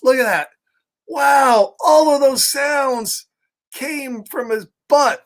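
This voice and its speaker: A man's voice: extremely high pitch, slow pace. A man reading a picture book aloud to children, playful and chatty, chuckling often and greeting listeners by name. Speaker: children's storytime reader.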